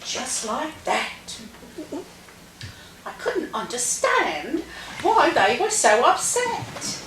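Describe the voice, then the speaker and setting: A woman plays a chatty working-class woman at a script reading, high and swooping as she spins her tale. The delivery is unhurried. The room is echoey, the mic is far off, and there is a faint hiss. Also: heavily acted. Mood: excited gossip. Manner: animated storyteller, acts out shouts. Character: chatty lower-class woman, lively gossip. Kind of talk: table-read drama. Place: theatre room.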